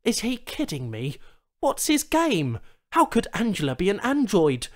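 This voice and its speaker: A man's voice: sits high, wildly swooping pitch, a little slow, voice pushed up, heavily acted. A man voicing a confused, irritable human trader who questions everything in agitation.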